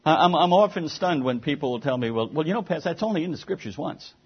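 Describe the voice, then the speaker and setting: A man's voice: a little high, animated, fast talker, slightly rough, dull audio. A man preaching a sermon as pastor, earnest and emphatic, sometimes stumbling over repeated words.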